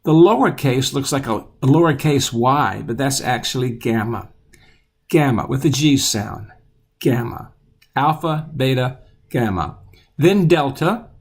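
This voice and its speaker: Patient man teaching letters slowly. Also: medium pitch, animated, breathy edge. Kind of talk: children's alphabet lesson.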